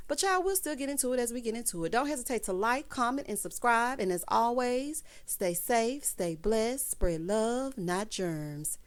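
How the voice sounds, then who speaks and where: A woman giving a sassy, animated recap of a reality TV episode, full of slang and asides to her viewers. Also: on the high side, normal speed. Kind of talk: casual recap commentary.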